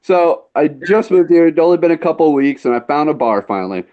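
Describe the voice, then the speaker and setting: A man's voice: fairly high pitch, lively intonation, fast talker. A man with a Northern US accent, telling a rambling story in casual podcast chat. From northern Illinois. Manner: rambling, tangent-prone storyteller. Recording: dull lo-fi sound.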